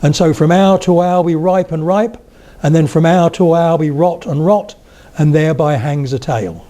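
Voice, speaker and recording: An older man playing a wry male courtier, reciting verse in a measured, declaiming way. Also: a little high, dark tone, natural voice.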